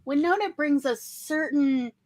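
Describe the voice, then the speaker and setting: A woman hosting a casual panel chat, talking in an animated, digressive way. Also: high voice, a little slow, dry recording. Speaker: host.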